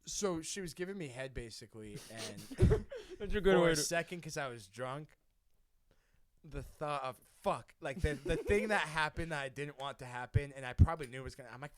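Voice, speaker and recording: A man's voice: fairly high pitch, animated, a little fast, no echo. A young man co-hosting a podcast, telling a rambling, swear-heavy story in casual chat and laughing often. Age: young adult. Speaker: podcast co-host.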